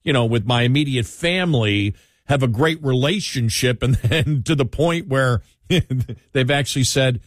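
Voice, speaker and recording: A man's voice: medium pitch, a little slow, no room sound, studio quality. A man in casual conversation, musing reflectively with frequent restarts and trailing phrases. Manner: rambling, reflective, with many restarts. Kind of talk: casual chat.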